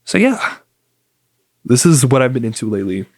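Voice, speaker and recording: A man's voice: medium pitch, sing-song, moderate pace, a little mellow, dry recording. Chatty young man, dry close sound. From United States. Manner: rambling, filler-heavy, upbeat and chatty. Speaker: podcast host. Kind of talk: casual solo podcast chat.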